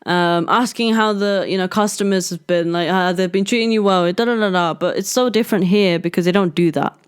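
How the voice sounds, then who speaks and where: Candid woman, smooth voice. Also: medium pitch, steady tone, a little fast. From London, England. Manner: candid, swears freely, heavy use of "like". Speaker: podcast host. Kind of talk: casual personal storytelling.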